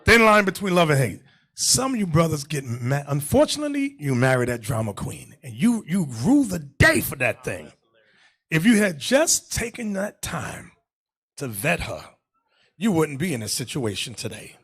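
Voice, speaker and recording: With a high-leaning, slightly breathy voice at a moderate pace, a man acting as bishop teaches a class sermon-style, animated and shouting as he voices the people in his anecdotes.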